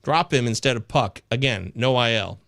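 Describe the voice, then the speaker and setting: A man hosting a live fantasy baseball chat show, reading viewer comments aloud with excitable, casually profane banter. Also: mid-range voice, normal speed, gravelly, no echo, clean studio sound. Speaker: fantasy baseball podcast host.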